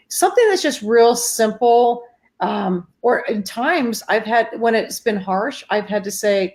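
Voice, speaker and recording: A woman's voice: a little high, animated, measured pace, a little mellow. A middle-aged woman hosting a casual live-stream chat, earnest and speaking directly to her viewers. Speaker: host.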